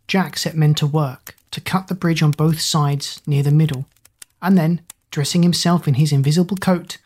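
A breathy, husky-edged voice reads a fairy tale aloud at a steady, measured pace. The pitch sits in a middle range that is neither high nor low. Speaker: narrator. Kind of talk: storybook narration.

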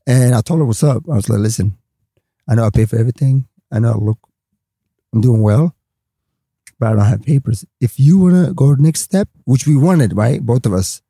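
A man's voice: fairly quick, slightly rough, no echo. A male comedian telling a long story in casual chat, swearing freely and acting out other people's voices. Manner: animated, acts out others with big pitch jumps, swears freely. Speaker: guest comedian.

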